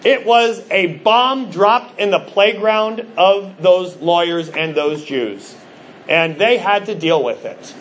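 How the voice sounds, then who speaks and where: High-voiced male pastor preaching. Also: slow pace, a little hiss or hum. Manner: animated storytelling, acts out quoted voices. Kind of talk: sermon.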